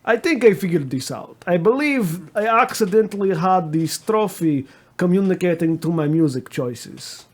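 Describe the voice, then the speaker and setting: A man's voice: high-pitched, lively intonation, normal speed, slight background noise. A man voicing a stiff, formal male commander in a helmet who speaks in slightly broken phrases. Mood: dry.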